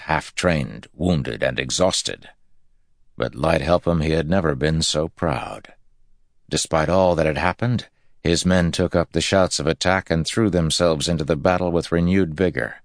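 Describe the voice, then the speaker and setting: A man narrating a fantasy battle scene with measured storytelling delivery. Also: a bass voice, vocal fry, dry recording, studio quality. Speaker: audiobook narrator. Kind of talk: scripted narration.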